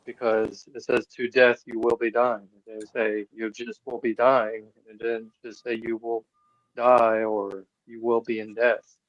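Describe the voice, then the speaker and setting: A man in a casual discussion, speaking deliberately and slowly repeating phrases. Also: mid-range voice, little pitch movement. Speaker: discussion participant. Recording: dull, dry lo-fi recording.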